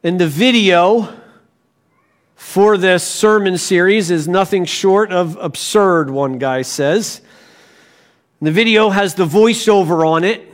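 A man preaching a sermon as pastor, deliberate, with bursts of animated storytelling. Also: sits high.

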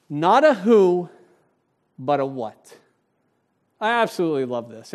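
A male pastor preaching a sermon in a church, animated and conversational, speaking directly to the congregation. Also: sits high.

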